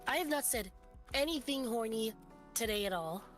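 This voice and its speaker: A woman's voice: a little high, lively intonation, soft background music. Rambling goofy woman gamer. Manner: rambling, goofy, rapid asides. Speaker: stream guest. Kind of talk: casual chat while gaming.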